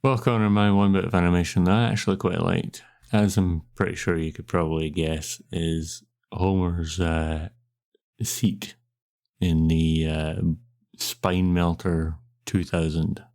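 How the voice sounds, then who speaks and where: A Scottish man co-hosting a podcast in easygoing, sometimes sweary chat. His voice is low and gravelly with a lot of fry. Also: little pitch movement, measured pace, a little mellow. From Scotland. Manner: laid-back, sweary. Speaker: podcast co-host. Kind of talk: casual chat.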